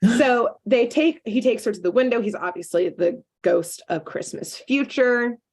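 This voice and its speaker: Woman podcast co-host, chatty recapper, slips in lively character quotes, casual delivery. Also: fairly high pitch, breathy edge. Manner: animated storyteller, quotes characters in quick asides.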